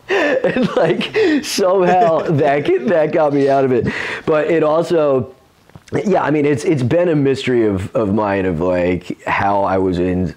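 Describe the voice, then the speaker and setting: A man's voice: mid-range voice, very animated, a little slow, darkish tone. A man, a comedian hosting his own show, telling rambling, profane stories in casual chat and laughing often. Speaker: comedian host.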